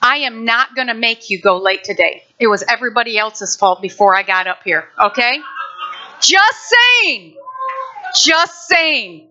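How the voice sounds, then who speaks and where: A woman pastor preaching a sermon in a lively, conversational way with playful asides to her congregation. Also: fairly high pitch, normal speed, few pauses, dull audio. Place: church sanctuary.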